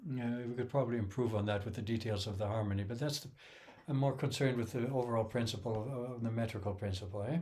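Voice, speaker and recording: A man's voice: medium pitch, fast, hardly any pauses, a little mellow. A man giving a casual music lesson, counting beats aloud and humming rhythms to explain metre. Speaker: music teacher.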